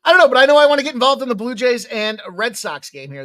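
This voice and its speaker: Animated man talking betting picks. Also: very high-pitched, fast, hardly any pauses. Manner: rambling, joking, swears casually. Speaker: sports betting host. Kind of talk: casual betting picks talk.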